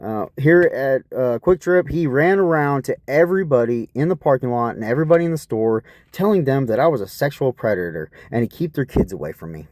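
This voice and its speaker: A man vents a long, rambling personal account in a put-upon, profane tone. His pitch swings up and down a lot, and his voice is dark and mellow. The recording is close and dry, with no room sound. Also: expressive, fairly quick, few pauses, dry recording. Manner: aggrieved, profane, repeatedly asks what is wrong with people. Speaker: vlogger.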